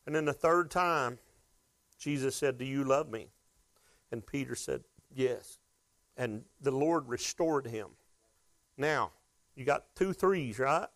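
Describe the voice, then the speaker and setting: A middle-aged man preaching a sermon in a conversational style, building to emphatic peaks and dropping to hushed asides. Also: fairly high pitch. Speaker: pastor.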